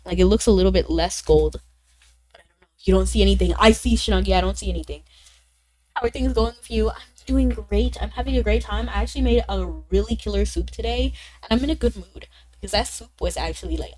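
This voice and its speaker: A woman streaming a game, chatting casually with viewers in a bubbly way, with sudden high exclamations. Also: darkish tone, poor audio. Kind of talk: casual gaming stream chat.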